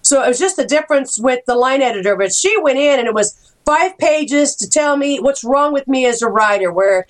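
A middle-aged American woman, an author, chatting casually and telling animated stories about her writing. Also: high voice, a little fast. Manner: animated storyteller, acts out quoted voices. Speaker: author guest. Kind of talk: casual chat.

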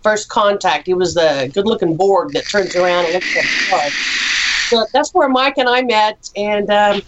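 A woman's voice: mid-range voice, moderate pace, lo-fi sound, very noisy. A woman chatting casually in an upbeat way about meeting a friend at conventions. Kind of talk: casual chat.

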